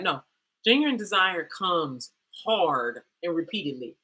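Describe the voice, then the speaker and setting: A woman coach telling a candid personal story, animated and dramatic, with slangy asides like "girl" and "baby". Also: mid-range voice, moderate pace. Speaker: coach and host.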